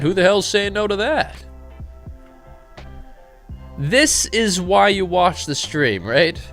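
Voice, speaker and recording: A man talks casually on a live trading stream, swinging his pitch up and down as he jokes with viewers. His banter is loose and irreverent, broken up by quick commentary on trades. Faint music plays softly behind him.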